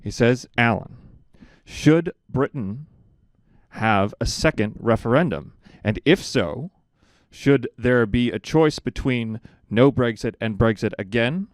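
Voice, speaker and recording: A man moderating a mock Q and A, calm and unhurried with frequent fillers. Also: medium pitch, no room sound. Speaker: event moderator. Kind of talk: hosting a mock Q and A.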